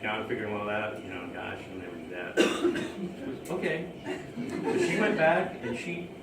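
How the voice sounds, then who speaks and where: Man, casual storyteller, laughs a lot, mid-pitched, set back from the mic in an echoey space with steady background noise. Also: fairly quick. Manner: rambling, laughs often at his own story. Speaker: storyteller recounting his own romance. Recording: roomy, distant mic, ambient noise.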